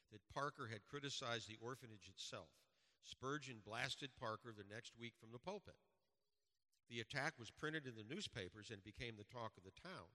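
Earnest, low-voiced pastor preaching in a reverberant church. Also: male voice, bright, forceful tone. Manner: earnest, exhorting with repeated direct commands. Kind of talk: sermon.

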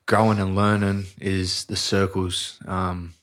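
A man's voice: deep voice, flat delivery, slow, fairly bright tone. An Australian rugby league player chatting as a podcast guest, laid-back and rambling, often saying "mate" and restarting his sentences. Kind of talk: casual podcast chat.

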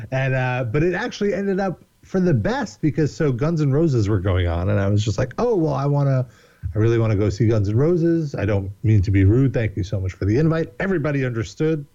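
A man telling a rambling, animated story in casual chat, swearing often and laughing a lot. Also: medium pitch, a little fast, highs cut off. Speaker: podcast guest.

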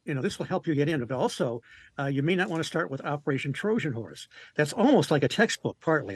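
A man, a regular on a talk show, relaxed and storytelling with many fillers as he gives a report. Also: fairly high pitch, husky, no echo. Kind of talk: casual radio talk and report.

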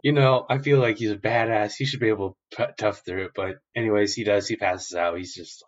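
Young male podcast host, casual profane recapper with a low voice and muffled audio. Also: brisk. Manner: rambling, profane, animated retelling.

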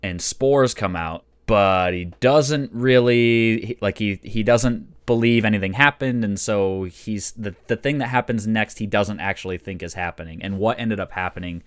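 Man, game master, casual tabletop recap, low voice, smooth tone, dry close sound. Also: normal speed, hardly any pauses, no echo. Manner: relaxed, loose storytelling with filler words.

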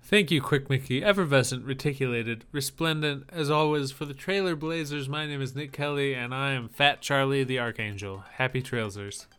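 A man's voice: medium pitch, normal speed, few pauses, fairly bright tone, clear, resonant tone. A man hosting a podcast in casual banter, chatty and rambling through show announcements. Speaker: podcast host.

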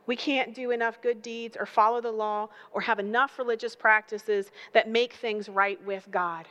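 A woman preaching a sermon, building emphatic repeated phrases and telling animated stories. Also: on the high side, moderate pace. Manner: animated storytelling with acted voices.

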